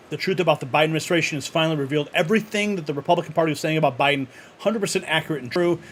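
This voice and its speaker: An animated male host running an online news commentary show, reacting to clips with loud laughs. His voice sits a little high for a man. A faint hiss runs underneath.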